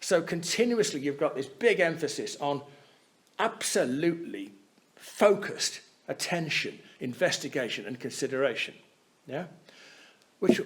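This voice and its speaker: A man teaching at a Buddhist centre, giving a chatty, explanatory talk and often checking in with his listeners. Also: a little high. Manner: conversational, keeps checking in with "yeah?".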